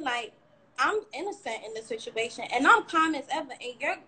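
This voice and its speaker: Animated and sharp-toned, a young woman with a high-sitting voice talks at normal speed on a livestream about surviving a shooting, telling the frightening account candidly and ramblingly, with occasional swearing. The low-quality audio carries slight background noise.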